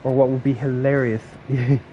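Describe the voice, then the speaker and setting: A man's voice: mid-range voice, level tone, moderate pace, lo-fi sound, slight background noise. Chatty Waterford Irishman streaming. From Ireland. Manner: chatty, amused, laughs often. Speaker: streamer and voice actor. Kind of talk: casual live-stream chat while gaming.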